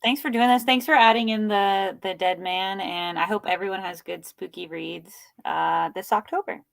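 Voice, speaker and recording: Relaxed woman co-host, dry sound. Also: mid-range voice, normal speed, gravelly, no echo. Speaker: podcast co-host. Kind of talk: casual chat.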